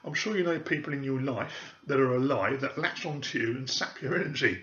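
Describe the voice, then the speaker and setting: A man's voice: mid-range voice, brisk, a bit bright. A man, a psychic medium, speaking in an emphatic podcast monologue and scornful of fakery. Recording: echoey room, dull audio.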